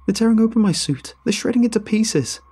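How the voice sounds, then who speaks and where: A man voicing a terrified young male soldier trapped alone, breathless and shouting in panic. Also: medium pitch, a little fast, husky. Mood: panicked.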